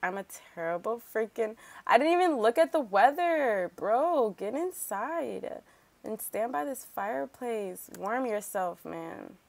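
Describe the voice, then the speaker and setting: A woman's voice: fairly high pitch, measured pace, vocal fry, no echo. A woman hosting a let's play, chatting casually and rambling through her gameplay with lots of filler words and remarks aimed at the characters. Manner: animated, talks back to game characters.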